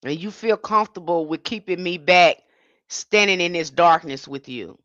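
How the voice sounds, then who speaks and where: A woman's voice: on the low side, normal speed, fairly bright tone, no room sound, lo-fi sound. A woman hosting a livestream, giving an impassioned monologue with emphatic, indignant restarts. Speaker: livestream host.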